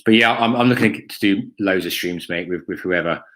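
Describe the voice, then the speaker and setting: A man hosting a fan live stream works through the chat in blunt, profane replies thick with ums and "mate"; he's an adult with a son in school. The voice sits low, at normal speed, slightly bright.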